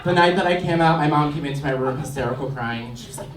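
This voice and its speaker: A man delivers brash, punchy stand-up in a slightly high voice. He is recorded from a distance in a roomy comedy club. Clear background noise runs under his voice. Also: fast. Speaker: stand-up comic.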